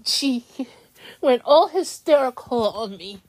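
Slow, high-voiced young woman venting. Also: expressive, darkish tone. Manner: upset, halting, restarts sentences often. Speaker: vlogger. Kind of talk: venting monologue.

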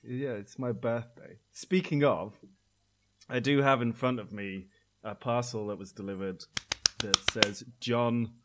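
A man from Scotland co-hosting a podcast, speaking in a dry, soft-spoken, understated way. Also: medium pitch, steady tone, unhurried. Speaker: podcast co-host. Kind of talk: casual comedic chat.

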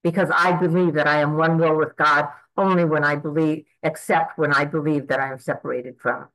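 A woman's voice: low voice, steady tone, normal speed, fairly bright tone, poor audio. A woman in her eighties, earnest and reflective, speaking a prayer aloud to God and reflecting on it. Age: 80s. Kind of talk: spoken prayer and spiritual reflection.

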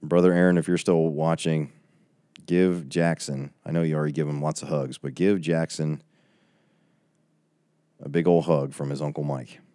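Very deep-voiced man closing a Bible study. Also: steady tone, moderate pace, long pauses, warm tone, dry recording. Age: 40s. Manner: chatty, reading out viewer comments. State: tearing up. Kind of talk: casual livestream Bible study wrap-up.

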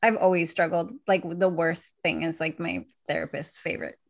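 A young woman hosts a loose, casual conversation, chatty and quick to laugh. Her voice carries a gravelly, creaky edge, and she slips into little acted-out quotes as she tells her stories. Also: lowish voice, steady tone. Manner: chatty, laughs often, acts out quoted lines. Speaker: podcast host. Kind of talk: casual chat.

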